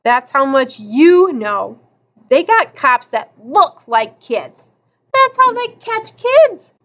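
A woman putting on a bossy little boy of about eight, growling and scolding in a storybook reading. His voice jumps high and wild when he shouts. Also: sing-song, slow, dull audio, full character voice. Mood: scrappy.

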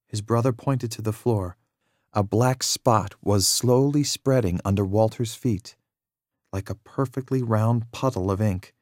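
A man narrating a children's storybook in a steady, measured read-aloud manner. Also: fairly low pitch, dry recording, studio quality.

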